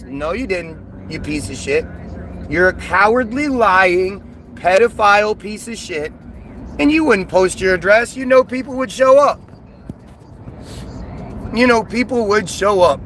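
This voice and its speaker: A man's voice: high voice, animated, a little slow, long pauses, a bit bright, a little hiss or hum, rough recording. A man livestreaming a heated, agitated rant, scornful and repetitive as he answers his chat. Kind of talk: heated live-stream rant.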